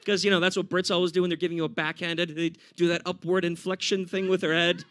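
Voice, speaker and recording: A man with an American accent doing a standup comedy set for a live audience, animated and laughing often. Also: sits high, fast talker. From United States.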